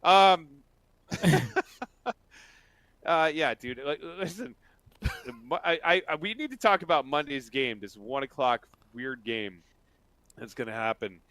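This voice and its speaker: Bright-voiced male podcast host. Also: a little high, expressive, takes it slowly, long pauses, no room sound. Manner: rambling, laughing often. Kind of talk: casual sports chat.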